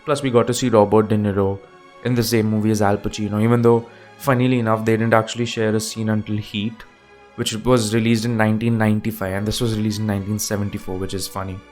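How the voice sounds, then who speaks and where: A man's voice: lowish voice, flat delivery, fast, a little mellow, soft background music. A man hosting a casual solo film discussion at home, rambling and correcting himself as he goes. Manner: rambling, self-correcting, loose and chatty. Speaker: movie review podcaster. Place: home room with an open window.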